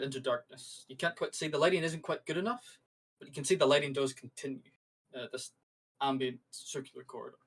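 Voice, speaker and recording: A laid-back game master narrating a sci-fi tabletop session. The voice sits at a middling pitch, and the delivery loops around with fillers and restarts. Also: poor audio. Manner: casual, rambling, full of fillers.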